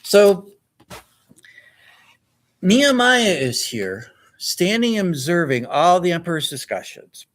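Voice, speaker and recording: A male pastor preaching a sermon in a church, telling the story with animated acted-out dialogue. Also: on the high side.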